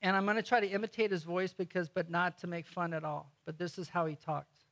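A man with a high, bright voice delivers a sermon as a lively storyteller. He climbs into loud bursts, then drops to slow, hushed lines to land a point. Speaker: guest preacher.

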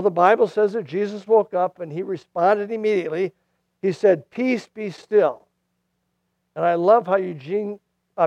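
A man preaching a sermon who moves between loud, pressing emphasis and hushed, quiet lines. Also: sits high, no room sound, dull audio. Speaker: pastor.

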